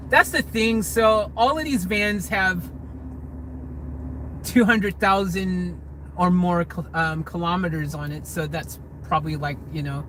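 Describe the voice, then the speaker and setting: Taking it slowly with long pauses, a US vlogger in a car answers live chat in a high, sharp voice. The audio is poor, with a little hiss or hum, as he reads out comments and responds in a rambling, hedging way with many restarts.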